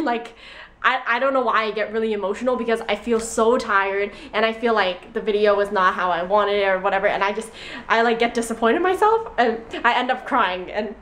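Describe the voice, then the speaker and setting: Young female vlogger, chatty and giggly, slightly higher voice, talking to camera at home. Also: fairly bright tone. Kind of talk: casual vlog chat. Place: apartment bedroom.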